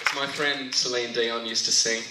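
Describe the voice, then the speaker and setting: A man's voice: mid-range voice, steady tone, moderate pace, over a noisy crowd. A man performing a stand-up routine on stage, chatty and self-mocking, tripping over his own words. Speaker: stand-up comedian. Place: comedy stage before a live audience. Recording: roomy live venue sound, faint noise.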